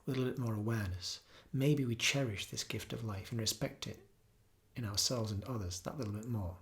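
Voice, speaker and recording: A man's voice: fairly low pitch, a little fast. Earnest man giving a reflective talk. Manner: earnest, storytelling, breaks into soft singing. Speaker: yoga teacher.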